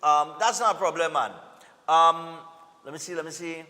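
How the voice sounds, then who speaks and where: A man's voice: a little high, moderate pace, pushed and bright, long reverb tail. A Trinidadian man hosting a live morning TV show, reading birthday and anniversary greetings in a casual, upbeat way with local slang. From Trinidad and Tobago.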